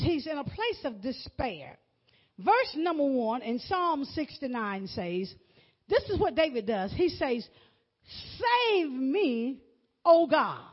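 A woman preaching a fervent sermon to a congregation, repeating words and calling out to the listeners. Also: high-pitched. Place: church before a congregation. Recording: dull lo-fi recording.

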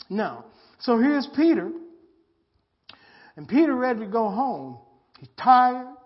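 Man preaching a sermon, kinda husky, muffled lo-fi recording, repeats himself a lot. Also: sits high. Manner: slow, repetitive preaching with rhetorical questions; plain colloquial speech. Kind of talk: live sermon.

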